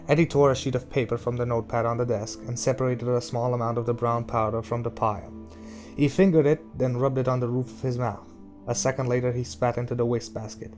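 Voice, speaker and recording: A man reading a novel aloud, steady and measured, at an ordinary middle pitch. Faint music sits under his voice. The delivery stays even and unhurried. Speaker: audiobook reader.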